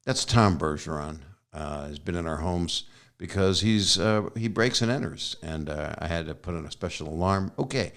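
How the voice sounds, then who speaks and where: A man in his sixties hosting a podcast, chatting casually and joking, with lines that trail off into low mumbles. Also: normal speed, fairly bright tone. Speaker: podcast host. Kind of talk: casual interview chat.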